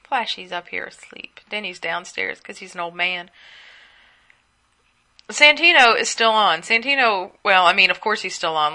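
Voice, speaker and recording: A woman's voice: fairly low pitch, sharp tone. Chatty, gossipy young woman rambling at home. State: sleepy, yawning. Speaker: podcast host. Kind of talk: casual solo chat.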